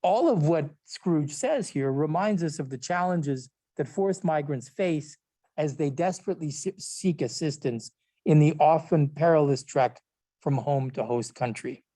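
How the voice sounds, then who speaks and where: A man's voice: a little high, unhurried, dark tone. A man, a professor, giving a lecture, reading prepared text with small asides and self-corrections. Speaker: literature and law professor. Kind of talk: recorded lecture.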